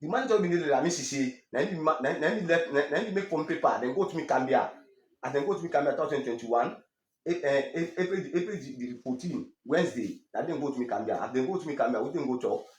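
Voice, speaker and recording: A man with a Sierra Leonean Krio accent giving a halting, emotional personal testimony, stammering through restarts and growing animated when he quotes others. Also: on the high side, roomy sound. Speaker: interviewee telling his story.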